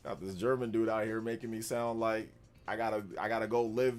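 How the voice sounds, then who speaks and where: A man's voice: on the low side, brisk. A man hosting a live gaming stream, chatting casually and rambling as he answers viewers, with frequent laughs. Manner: relaxed, rambling, answers chat and laughs often. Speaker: gaming livestream host.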